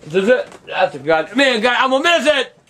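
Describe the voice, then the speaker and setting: Older grandfather, very high-pitched and sharp-edged, hollering profane rants at the TV; cast him as a nonstop curser. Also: big pitch swings, fairly quick, reverberant. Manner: shouting, cursing. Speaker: grandfather reacting to a televised verdict. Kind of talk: profane angry ranting.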